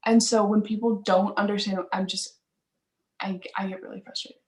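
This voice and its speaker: An eighteen-year-old woman speaks in a soft, quiet voice on a talk show. She hesitates, uses lots of fillers and stops to find her words, in a casual family chat. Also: mid-range voice, flat delivery, moderate pace. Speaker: guest, singer.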